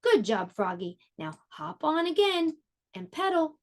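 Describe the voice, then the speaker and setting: A woman voicing a calm, patient father frog, reading a storybook aloud to children. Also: high-pitched, a little slow, voice pushed up, heavily acted.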